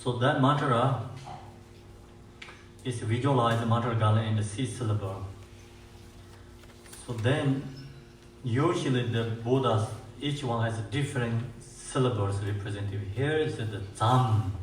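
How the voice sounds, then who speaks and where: A man with as his language gives a dharma teaching as a Buddhist teacher. He talks haltingly, with many fillers and restarts, and slows down to chant mantras. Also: medium pitch. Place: meditation centre hall. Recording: echoey room, mic far off, faint hiss.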